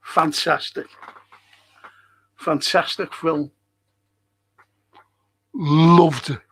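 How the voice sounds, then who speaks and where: A man's voice: a little high, fairly even intonation, very slow, a bit bright, breathy edge. A man hosting a football fan live stream, rambling casually and swearing now and then as he reads out and answers viewer comments. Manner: rambling and chatty, wanders off topic.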